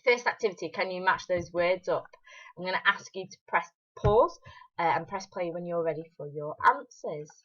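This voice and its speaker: A woman teaches a recorded lesson in a cheerful, encouraging way and says phrases slowly before speeding them up. Her voice is bright and forceful, set a little low. The recording sounds dull and lo-fi. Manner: cheerful and encouraging, models Spanish tongue twisters slowly then quickly. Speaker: Spanish teacher. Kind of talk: recorded remote lesson for pupils.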